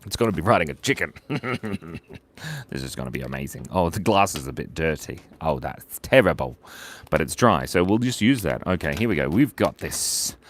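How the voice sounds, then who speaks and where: A man with a deep voice hosts a casual live drawing stream, chatting playfully as he sketches. His pitch leaps up and down constantly, and he keeps up a steady stream of jokes and shout-outs to viewers. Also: moderate pace, a little hiss or hum. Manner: playful, jokey, reads viewer names and shout-outs aloud.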